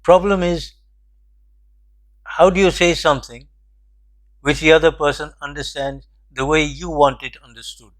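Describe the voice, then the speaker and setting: An older man hosting a commentary show, telling a personal anecdote in a measured, reflective way. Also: on the high side, fairly even intonation. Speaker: host. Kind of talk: storytelling commentary.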